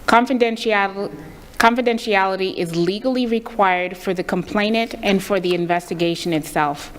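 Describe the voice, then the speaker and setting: A woman from the district staff reading a prepared briefing at a school board meeting, formal and deliberate. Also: mid-range voice.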